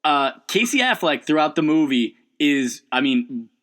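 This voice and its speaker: A man co-hosting a podcast in casual chat, laughing often and talking in halting bursts with fillers. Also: a little high, big pitch swings, a bit bright. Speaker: podcast co-host.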